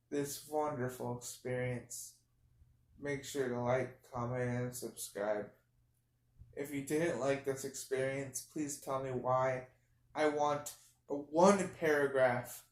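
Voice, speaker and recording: A young man quietly telling a goofy, meandering made-up story as a vlogger, with many restarts and fillers. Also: mid-range voice. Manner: speaks quietly. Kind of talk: rambling improvised storytelling. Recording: roomy echo.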